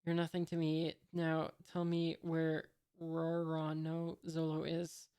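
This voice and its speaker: A woman's voice: deep voice, takes it slowly, smooth. A woman voicing a boastful, threatening male pirate who tames a lion, read out plainly with fillers. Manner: flat read-aloud delivery with fillers.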